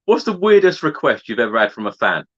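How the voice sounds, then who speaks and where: A man's voice: mid-range voice, very animated, fast, fairly bright tone. A man hosting a podcast, putting brief, friendly questions to his guest and reacting in a few words. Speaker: podcast host. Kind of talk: interview questions. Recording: slightly dull lo-fi sound.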